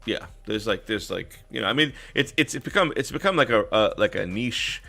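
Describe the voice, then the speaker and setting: A man's voice: lowish voice, expressive, normal speed, vocal fry, sharp tone. A man as a guest in a casual chat, rambling and laid-back with lots of fillers.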